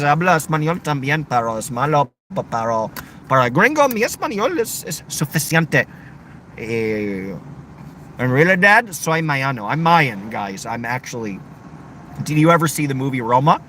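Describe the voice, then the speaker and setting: With a bright, forceful mid-range voice, this young man jokes through a late-night livestream at a moderate, expressive pace. He playfully reads chat comments out in changing voices, a little hiss or hum audible behind him.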